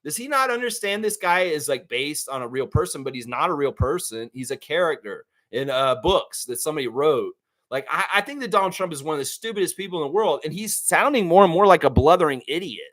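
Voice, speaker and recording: A man's voice: fairly high pitch, brisk. A man hosting a live stream, talking casually and reading viewers' chat comments aloud, with blunt, profane opinions. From United States. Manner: animated, profane, talks straight at viewers.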